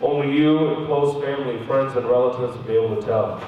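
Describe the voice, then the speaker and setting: Man doing a low, slow, deadpan doctor; echoey hall, distant mic. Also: lo-fi sound, slight background noise, lightly acted. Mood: grave, deadpan. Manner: slow, flat, grave delivery. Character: calm deadpan male doctor delivering bad news.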